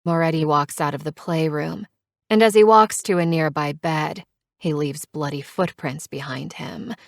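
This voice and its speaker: A woman narrating a first-person romance audiobook with expressive character voices. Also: sits low, measured pace, gravelly, no echo, clean studio sound.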